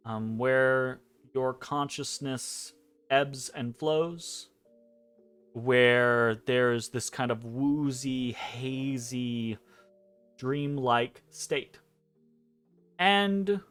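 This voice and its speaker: A man narrating a tabletop game as game master. He speaks in a slow, dreamy way with frequent "um" pauses, over an online voice chat. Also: mid-range voice, clean tone.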